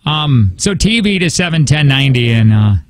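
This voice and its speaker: A man's voice: mid-range voice, big pitch swings, normal speed, no room sound. A man co-hosting a radio show in the studio, telling stories in a chatty, rambling way with many restarts. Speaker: radio co-host. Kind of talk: casual morning-show banter.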